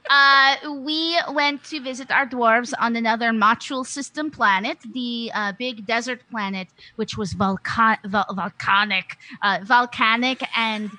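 Bright, chatty woman recapping a game. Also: fairly high pitch, measured pace, hardly any pauses, no room sound, poor audio. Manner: chatty, laughing, with many fillers and restarts. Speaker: player. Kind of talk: casual recap of a tabletop game.

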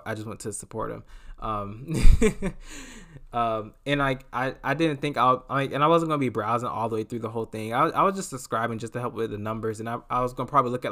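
In a relaxed vlog, a man with a medium-pitched voice tells his viewers a story, animated and talkative, laughing a lot and calling the listener "girl."

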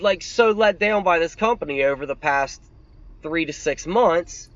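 A man's voice: on the high side, expressive, measured pace, a bit bright, dry recording, muffled recording. A man co-hosting a podcast, talking bluntly and swearing freely in casual chat. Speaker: podcast co-host.

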